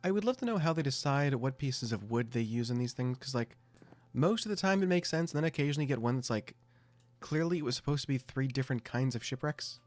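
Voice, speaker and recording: A man's voice: medium pitch, lively intonation, fast talker, a little mellow, no room sound. A young adult man giving casual gameplay commentary, thinking aloud with self-mocking asides. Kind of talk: casual let's-play commentary.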